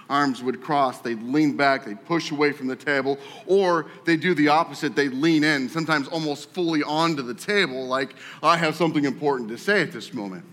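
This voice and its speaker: A man preaching a sermon as pastor, talking in a conversational, animated way and often repeating words as he tells a story. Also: mid-range voice. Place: church sanctuary. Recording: echoey hall with long reverb.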